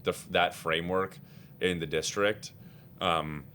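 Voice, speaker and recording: A man speaking as the guest on a podcast interview, talking in an energetic, rambling way with many fillers and restarts. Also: low-pitched, unhurried, a little hiss or hum. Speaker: guest, executive director. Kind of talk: casual interview chat.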